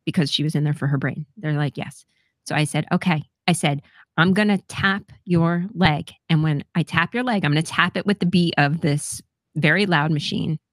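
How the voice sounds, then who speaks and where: A woman's voice: low voice, moderate pace, no room sound, clean studio sound. A middle-aged woman telling a personal story on a podcast in a candid, casual way, swearing freely and laughing often. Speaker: podcast co-host.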